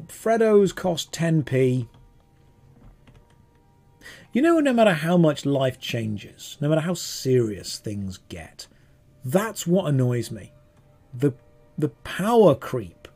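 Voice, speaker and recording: A man's voice: fairly high pitch, warm tone. A man with a British accent chatting casually while streaming a game, rambling through sarcastic banter.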